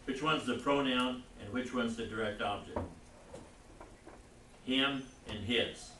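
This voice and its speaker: A man teaching a Bible class, lecturing in a rambling, halting way and putting questions to the class. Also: mid-range voice, sharp tone, a little hiss or hum. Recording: echoey classroom recorded from far off.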